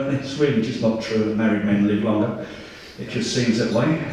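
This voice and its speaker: Father of the bride, echoey hall. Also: mid-range voice. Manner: emotional, joking, self-deprecating. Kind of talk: wedding speech with singing. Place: large wedding reception hall. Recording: echoey hall recorded from far off.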